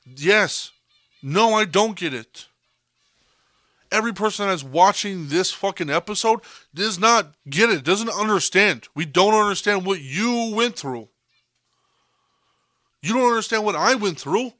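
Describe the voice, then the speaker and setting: A man's voice: high voice, expressive, measured pace, pauses often, bright, forceful tone, dry recording, studio quality. A young man hosting a podcast, delivering an intense monologue that swears freely and hammers points home by repeating them. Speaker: podcast host.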